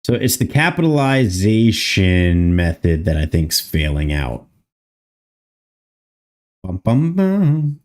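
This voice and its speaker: Lower-voiced man muttering while coding. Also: lively intonation, slow pace, pauses often. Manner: thinking aloud, muttering, swears casually. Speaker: streamer coding a game mod. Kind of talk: casual livestream chat while coding.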